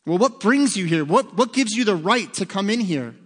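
A man voicing an officious male angel supervisor who briskly quizzes a newcomer. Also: high-pitched, expressive, a bit bright, in a large hall, pitched above the performer's own voice. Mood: demanding.

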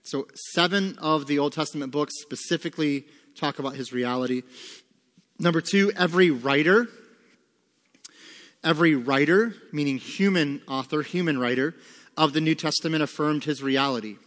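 A man's voice: on the high side, moderate pace, fairly bright tone. A man teaching a Bible lesson to a congregation, emphatic, asking rhetorical questions and answering them himself. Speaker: pastor teaching a Bible study. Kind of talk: sermon-style Bible teaching with fill-in notes. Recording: long reverb of a large room.

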